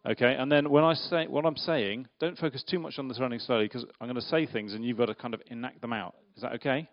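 In this dull lo-fi clip, a lively preacher runs an interactive children's talk at church, complete with slides and volunteers. His voice is medium-pitched and quick, and he teases the audience with playful questions.

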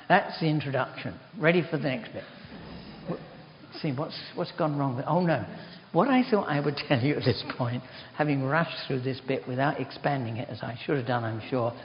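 An older man delivers a relaxed sermon full of rambling anecdotes and self-deprecating asides. His voice sits at an ordinary pitch and rings through a big hall with long reverb. The recording is dull and muffled, with faint noise behind him. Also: moderate pace. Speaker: preacher.

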